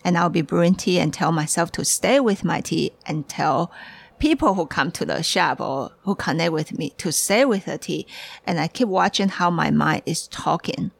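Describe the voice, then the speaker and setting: A woman's voice: on the low side, expressive, normal speed, creaky, dry recording. A woman hosting a casual podcast, talking in a hurry and restarting her sentences as she gets ahead of herself. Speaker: podcast host and tea shop owner.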